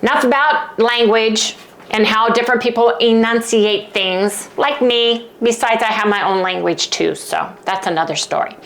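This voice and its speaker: A woman's voice: on the high side, fairly bright tone. A woman from Southern California with a Southern Californian accent, chatting casually and rambling in her home kitchen for her vlog. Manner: chatty and rambling, quick to apologize. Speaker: channel host.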